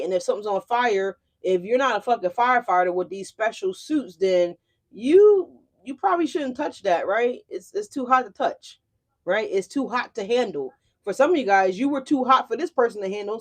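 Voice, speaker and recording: Animated, profane woman tarot reader. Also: medium pitch. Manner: animated, profane, talks straight to viewers. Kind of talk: casual tarot reading monologue.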